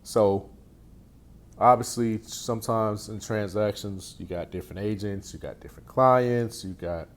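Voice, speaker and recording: Speaking a little slowly in a somewhat low voice, a man gives casual, unscripted coaching to real estate agents. His delivery is easygoing, though he frequently restarts and loops back over his own phrases.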